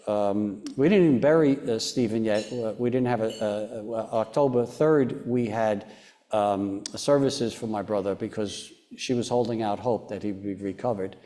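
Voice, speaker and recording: A man, a foundation chairman interviewed on stage, telling a personal story in an earnest, halting way, often restarting and sometimes dropping very quiet. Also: lowish voice.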